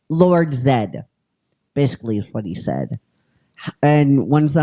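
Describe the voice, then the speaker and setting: A podcast host telling a story in a casual, halting way, with many fillers and restarts. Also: mid-range voice, expressive, darkish tone. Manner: chatty and self-deprecating, swears casually. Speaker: podcast host pitching episode ideas.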